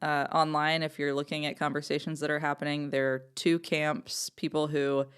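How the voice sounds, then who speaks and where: A woman co-hosting a casual podcast, her voice among the lowest for a woman. She is chatty and giggles often, her talk full of fillers. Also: little pitch movement, moderate pace, smooth. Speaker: podcast co-host.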